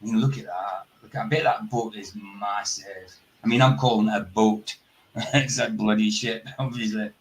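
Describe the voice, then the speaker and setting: A man's voice: fairly low pitch, fairly even intonation, moderate pace, poor audio. A man hosting a live stream, chatting casually, swearing lightly and greeting viewers by name. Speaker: livestream host.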